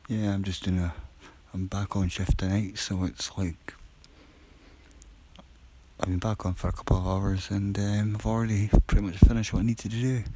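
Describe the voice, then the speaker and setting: A man on a live stream, chatting casually and quietly to viewers during a break from his shift, rambling and poking fun at himself. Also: fairly low pitch, flat delivery, moderate pace, a little hiss or hum, rough recording. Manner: rambling, chatty, self-deprecating; talking quietly. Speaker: livestreamer on a work break.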